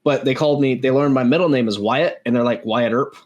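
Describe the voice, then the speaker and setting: A young man from Texas talks through a casual podcast conversation. He rambles and backtracks, restarting his sentences as he thinks aloud. His voice sits in an ordinary middle pitch. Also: fast talker, darkish tone, highs cut off. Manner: rambling, self-correcting. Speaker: podcast co-host. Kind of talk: casual chat.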